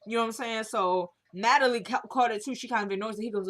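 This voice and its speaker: A woman's voice: fairly high pitch, fast talker, a bit bright. A woman casually recapping a TV drama episode, animatedly retelling and acting out scenes. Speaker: TV recap vlogger.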